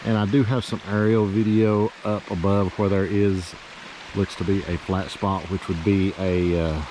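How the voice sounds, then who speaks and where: A man's voice: sits low, flat delivery, normal speed, noisy background. A man, walking a piece of land outdoors and talking casually as a realtor, out of breath and rambling with many fillers. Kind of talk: casual walking property tour. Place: outdoors by a river and hillside.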